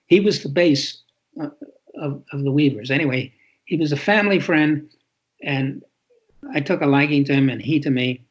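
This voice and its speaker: Interviewed on a podcast, this older author reflects through stories, frequently breaking off and beginning sentences again. He talks at a normal speed in a slightly high voice, and the recording is dull lo-fi.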